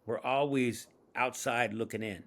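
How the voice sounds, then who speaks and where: A man's voice: mid-range voice, a little slow, slight background noise. A middle-aged man from San Diego, a screenwriter and comedian, telling stories in an interview with laughs and acted-out voices. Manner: animated storyteller acting out voices, laughs often. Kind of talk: storytelling interview.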